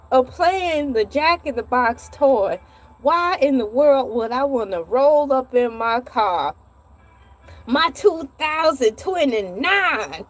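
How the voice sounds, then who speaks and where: A woman hosts a vlog and tells a comic story in an animated, playful manner. She breaks off for dramatic asides, and her voice sits a little high. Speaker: vlog host. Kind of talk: comedic storytelling monologue.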